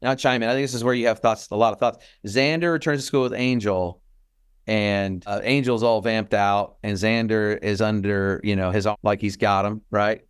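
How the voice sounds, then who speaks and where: A man co-hosting a podcast in casual chat, animated and quick to act out quoted lines. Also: on the low side, clear, resonant tone, dry recording, clean studio sound. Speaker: podcast co-host.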